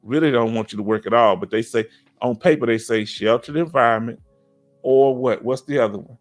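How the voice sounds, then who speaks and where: A man's voice: mid-range voice, a little fast, faint music behind. A middle-aged man with a Southern US accent hosts a casual veterans' live stream. He reads viewer comments and keeps checking in with "you understand?". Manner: animated, preachy, keeps asking "you understand?".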